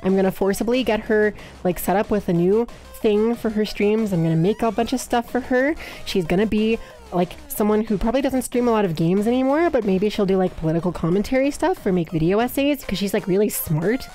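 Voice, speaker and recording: A woman streamer chatting live while guessing games, excitable and swearing a lot, bursting into high yells. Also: a little fast, soft background music.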